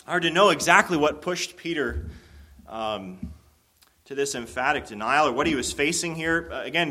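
A man's voice: medium pitch, pushed and bright. A man preaching a sermon, explaining a Bible passage in an earnest, conversational way with frequent restarts. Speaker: pastor.

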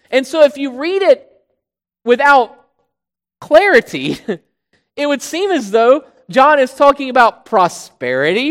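Preacher, sermon teaching, mid pitch, emphatic, slow stretched stresses, long hall reverb. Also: big pitch swings. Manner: emphatic, stretching key words slowly and then rushing ahead.

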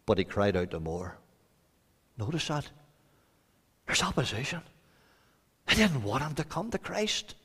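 A Northern Irish man preaching an evangelistic sermon, swinging from quiet low lines to loud shouted emphasis. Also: huge pitch swings, measured pace, pauses often, husky. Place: church hall. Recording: hall reverb.

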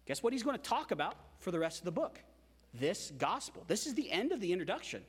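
A man preaching a sermon as pastor, emphatic and animated, with frequent repetitions. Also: sits high, quick pace, slightly rough, in a large hall.

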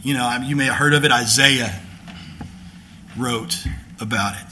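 A man's voice: medium pitch, a little slow, pushed and bright, a little hiss or hum. A male pastor preaching a sermon in a conversational teaching manner, building to emphatic declarations.

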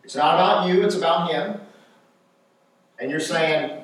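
A man's voice: on the high side, lively intonation, normal speed, long pauses, very echoey, far from the mic, poor audio. A man preaching a sermon with emphasis, repeating his key phrases.

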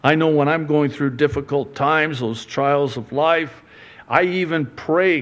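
A man preaching a sermon as pastor, conversational and playful, with lively asides and acted-out quotes. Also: on the high side, a little slow, muffled recording. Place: church sanctuary.

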